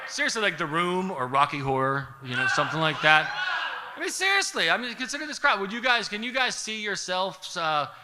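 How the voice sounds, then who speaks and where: A man telling a comic story live to an audience, animated and wry, chuckling through his punchlines. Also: high voice, brisk, heavy background noise.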